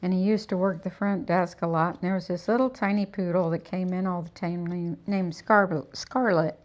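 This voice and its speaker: A middle-aged dog groomer talks casually to a livestream audience during work at the salon, comforting the dog and telling stories. She has a lowish voice with fairly even intonation and speaks at a moderate pace.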